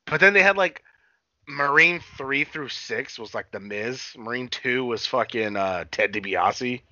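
A man's voice: medium pitch, expressive, unhurried, pushed and bright, dry recording. A man co-hosting a casual wrestling podcast, talking in a profane, rambling way. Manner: profane, rambling, retells scenes. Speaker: podcast co-host. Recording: dull dry lo-fi sound.

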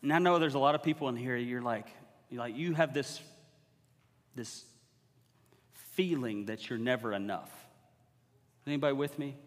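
A man's voice: medium pitch, normal speed, pauses often. A man preaching a sermon as guest preacher, talking conversationally and building to emphatic exhortation. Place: church sanctuary. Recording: long hall reverb.

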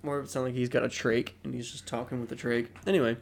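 A man's voice: medium pitch, level tone, fast, vocal fry, slight background noise. A man co-hosting a podcast in casual, rambling, joking chat full of fillers. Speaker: podcast co-host.

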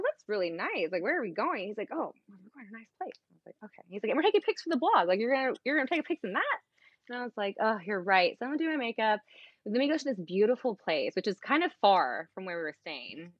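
A woman's voice: mid-range voice, no echo, lo-fi sound. A young American woman, a podcast guest, telling a long personal story in casual chat. She talks animatedly, acts out the dialogue she quotes and says "like" often.

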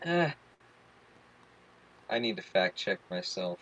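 A man co-hosting a podcast in casual chat, animated and theatrical, swearing freely. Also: sits low, slow pace, muffled recording. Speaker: podcast co-host.

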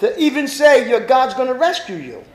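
Pastor guy preaching, real high voice that jumps all over, echoey room. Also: moderate pace. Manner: animated preaching, rhetorical questions to the congregation. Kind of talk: sermon.

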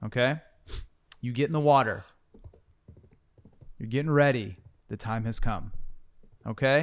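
A man's voice: medium pitch, unhurried. A man hosting a podcast, telling a long hypothetical story with casual swearing and a building of suspense. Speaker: podcast host.

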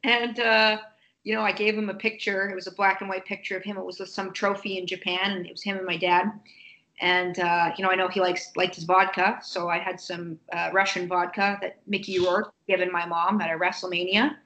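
Woman, bright tone, animated storytelling, casual interview guest. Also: lowish voice, fairly quick, low-quality recording. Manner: animated, acts out others' lines in quotes.

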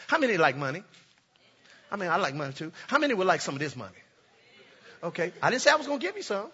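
Pastor guy preaching in church, real high husky voice, muffled lo-fi recording. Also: very animated, fast, long pauses, long reverb tail. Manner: preaching with call-and-response, rising to shouts. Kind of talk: sermon. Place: church sanctuary.

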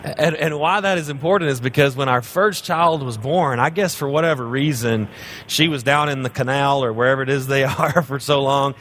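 A man's voice: medium pitch, normal speed, a bit bright, a little hiss or hum. Man, 30s, guest pastor, humorous sermon, joking, self-deprecating storyteller.

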